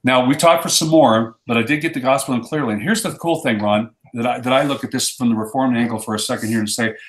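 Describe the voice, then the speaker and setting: A man's voice: mid-range voice, fast talker, reverberant. A man in a casual chat who tells his stories with conviction and acts out the quotes. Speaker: ministry guest.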